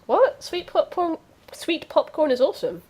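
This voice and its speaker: A woman's voice: very high voice, sing-song, normal speed, a crowd in the background. A woman running a tabletop game, bantering playfully with her players in casual chat.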